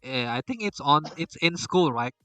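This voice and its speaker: A man's voice: fairly high pitch, expressive, normal speed, sharp tone, no room sound, distant mic, faint music behind, rough recording. A man hosting a casual podcast chat, rambling with many restarts and frequent laughs. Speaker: podcast host.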